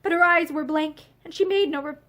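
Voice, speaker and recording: A woman reading a novel aloud in an expressive way, seated in a room lined with bookshelves. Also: very high-pitched, a little fast. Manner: expressive, acts out the dialogue. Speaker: audiobook reader.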